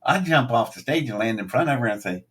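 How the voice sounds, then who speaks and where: An older male guest with a husky, somewhat rough voice spins a long story in casual conversation, talking fast. When he quotes people he acts the lines out with lively energy, and his pitch rises for the punchlines.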